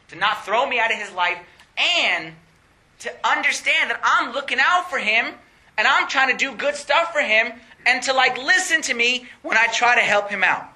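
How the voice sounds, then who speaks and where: A young man preaching a sermon in an animated way, laughing often and rising to excited highs.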